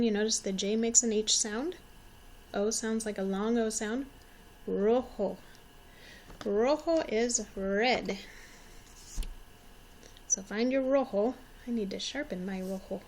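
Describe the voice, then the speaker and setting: A woman's voice: medium pitch, a little mellow, slight background noise. A woman in her forties, teaching young children and speaking patiently, repeating each word so they can say it along with her. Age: 40s. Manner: encouraging, repeats words for children to echo. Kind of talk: slow, patient classroom instruction.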